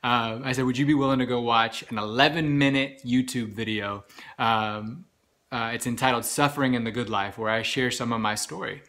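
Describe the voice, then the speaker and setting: A man giving an earnest, halting personal health update while recovering from serious illness, with many pauses and restarts. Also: medium pitch, fairly bright tone. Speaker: vlogger sharing a health update. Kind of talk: personal storytelling.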